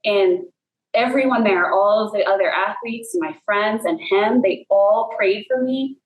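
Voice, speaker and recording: A woman's voice: mid-range voice, unhurried, echoey room, narrow, tinny audio. A woman telling a personal faith story in a casual way, full of fillers and "like". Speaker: guest.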